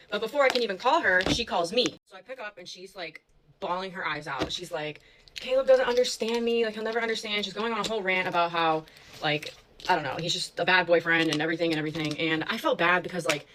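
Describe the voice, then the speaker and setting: Fast-talking bright young woman storyteller. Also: medium pitch, a little hiss or hum, rough recording. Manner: chatty, filler-heavy, swearing. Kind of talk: casual storytime.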